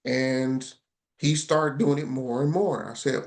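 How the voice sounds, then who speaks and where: A man talks casually as a guest on a podcast. He tells his stories in an animated, frank way. He often repeats a line for emphasis. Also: mid-range voice, takes it slowly, long pauses. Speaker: guest, consulting founder.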